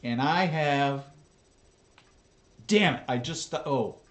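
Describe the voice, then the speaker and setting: A man's voice: medium pitch, takes it slowly, fairly bright tone, echoey room. Blunt, profane man reacting to videos. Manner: blunt, profane, chatty asides. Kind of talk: casual reaction commentary.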